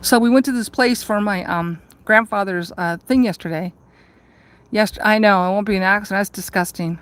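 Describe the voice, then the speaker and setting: A woman's voice: mid-range voice, normal speed, fairly bright tone. A woman vlogger telling a rambling, profane story in a casual chat, ranting and laughing at herself.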